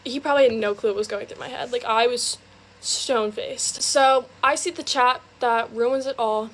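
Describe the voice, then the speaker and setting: Here a young woman's voice, somewhat high and a touch bright, rattles off a personal anecdote on a phone recording. She keeps it loose and speedy, leaning heavily on "like."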